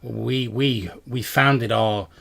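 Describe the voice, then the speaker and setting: A man's voice: mid-range voice, steady tone, creaky, fairly bright tone, full character voice. A man voicing a nervous male villager who stammers and halts over his words. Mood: wary. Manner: stammering, halting.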